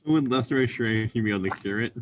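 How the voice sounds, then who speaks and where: A man playing a tabletop game describes his character's actions in a casual, matter-of-fact way. His voice is mid-range and he talks very fast.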